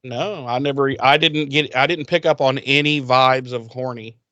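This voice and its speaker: A man co-hosting a podcast, chatting about a TV episode in an animated, jokey way. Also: mid-range voice, no room sound, muffled recording. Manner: animated, jokey, quick asides. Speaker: podcast co-host. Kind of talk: casual recap chat.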